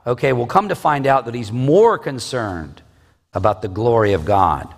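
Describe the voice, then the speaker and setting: A man's voice: mid-range voice, lively intonation, normal speed, vocal fry. A man in his forties teaching a Bible lesson in a conversational way, with asides and rhetorical questions. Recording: long reverb.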